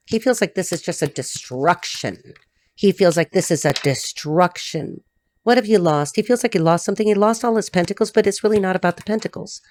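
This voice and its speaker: This solo tarot reading to camera comes from an American woman whose lowish, darkish voice moves at a brisk clip. She keeps things chatty and blunt, swearing freely throughout.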